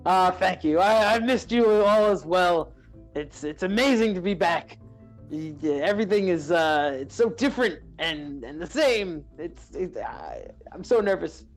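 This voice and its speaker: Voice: mid-range voice, expressive, a little slow, faint music behind. A player speaking in character as a returning dwarf hero, hesitant and stammering. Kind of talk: in-character tabletop role-play.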